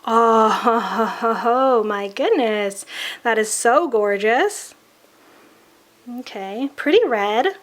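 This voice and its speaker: A woman with a sick-sounding voice, chatting in a casual makeup review vlog in a gushing, soft-spoken way. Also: mid-range voice. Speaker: beauty vlogger.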